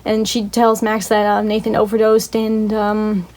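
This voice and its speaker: Unhurried and completely flat in delivery, with a medium-pitched, darkish voice, a young woman retells a story for a video review. She rambles with lots of "like" and swearing, gushing with emotion over how sad the story was.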